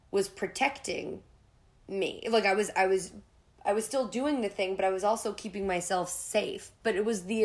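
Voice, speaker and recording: A woman's voice: medium pitch, a little mellow. Candid woman telling a story. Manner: candid, swears often, acts out her own panic in quotes. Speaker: podcast host. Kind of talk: casual storytelling monologue.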